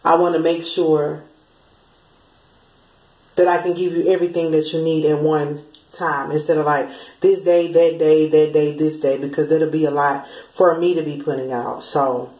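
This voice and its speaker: A woman's voice: low voice, little pitch movement, normal speed, a little mellow, reverberant, poor audio. A woman, chatting casually as she passes on spiritual channeled messages, often slipping into quoted voices. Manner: chatty, laughs often, slips into sung lines and quoted voices.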